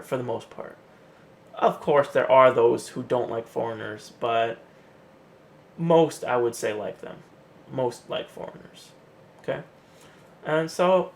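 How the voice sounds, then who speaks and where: A man casually talking to the camera in a vlog, lively and chatty, often acting out what other people say. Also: medium pitch, creaky. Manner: chatty, acts out quotes in an animated way. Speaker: vlogger.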